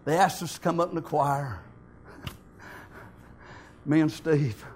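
An older man tells his church testimony in a homespun, folksy way. His voice sits high for a man, and a faint hiss of noise runs underneath. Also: takes it slowly. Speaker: church member giving testimony.

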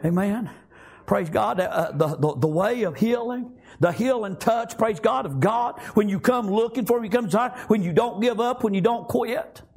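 High husky preacher. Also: male voice, moderate pace, darkish tone. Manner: fervent, repeats amen and praise God often. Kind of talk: sermon.

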